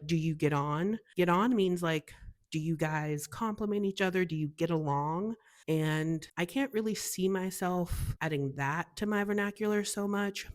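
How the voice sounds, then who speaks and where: A young woman from the US talks in a casual, gushing way on her own show. Her voice sits low for a woman, and she sounds bubbly and chatty throughout. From United States. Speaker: podcast host. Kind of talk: casual solo chat.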